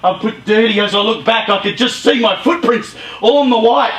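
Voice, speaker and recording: A man tells a dramatic first-person story at a youth charity gathering, acting out his fears and the voices around him. His voice sits high for a man and rings in a roomy, echoey space. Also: moderate pace, fairly bright tone.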